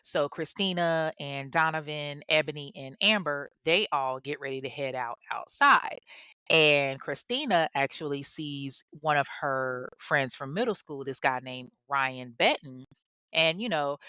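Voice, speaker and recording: A woman's voice: low-pitched, unhurried, bright, forceful tone, clean tone, no room sound, clean studio sound. A woman hosting a true crime show, retelling a case in a conversational way full of asides. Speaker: host.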